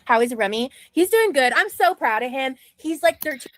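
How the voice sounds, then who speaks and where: A woman's voice: high voice, lively intonation, normal speed, noisy background. A woman streamer chatting casually and loosely, laughing now and then. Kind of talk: casual chat.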